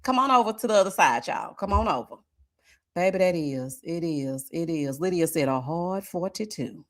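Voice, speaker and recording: A woman hosting a casual live stream, chatting with viewers and reading their comments, often breaking into laughter and drawn-out murmurs of agreement. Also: fairly low pitch, animated. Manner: chatty, talks straight to viewers.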